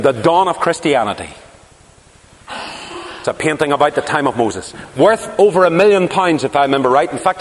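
A man preaching a sermon, telling stories and asking rhetorical questions with emphasis. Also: fairly high pitch. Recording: long reverb of a large hall.

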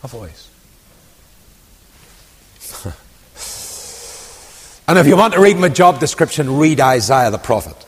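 A man with a lilt preaching a storytelling sermon, dropping to quiet asides and rising to loud, ringing declamation. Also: medium pitch, very animated, slow pace, long pauses, breathy edge. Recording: long hall reverb.

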